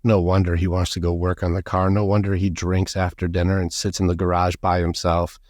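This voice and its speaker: A man coaching on masculinity in a podcast conversation, animated and blunt, acting out quoted voices. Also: low-pitched, fairly quick, no room sound, clean studio sound. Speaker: guest, men's coach.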